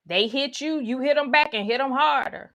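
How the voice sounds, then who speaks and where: A woman's voice: sits high, normal speed, fairly bright tone. A woman giving a spiritual teaching talk, guiding listeners through imagery with folksy asides.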